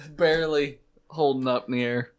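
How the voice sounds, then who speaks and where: A man's voice: mid-range voice, a little hiss or hum. A man running a tabletop game as game master, narrating in a laid-back way and often laughing.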